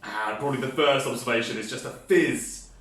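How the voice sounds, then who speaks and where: A man's voice: mid-range voice, brisk, a bit bright. Enthusiastic man demonstrating a science experiment. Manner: enthusiastic, explains step by step to kids. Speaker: science presenter. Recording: echoey room, mic at a distance.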